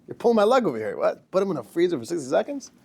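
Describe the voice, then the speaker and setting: A man's voice: high-pitched, very animated, racing, vocal fry, a little mellow, breathy edge, heavily acted. A man doing a bewildered parrot owner. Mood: incredulous. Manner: disbelieving, then gracious. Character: incredulous male parrot owner.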